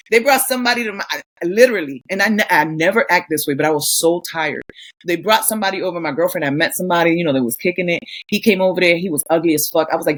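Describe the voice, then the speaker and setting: A woman's voice: on the low side, quick pace. A middle-aged woman co-hosting a podcast, talking bluntly and cursing freely as she tells stories in a casual chat. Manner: blunt, profane, animated storytelling. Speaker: podcast co-host.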